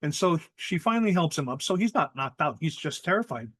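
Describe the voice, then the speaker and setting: A man's voice: fairly high pitch, a little fast, no echo. Hawaiian man telling a ghost story. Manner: animated, acts out quoted voices, mixes in Hawaiian words. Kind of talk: oral storytelling.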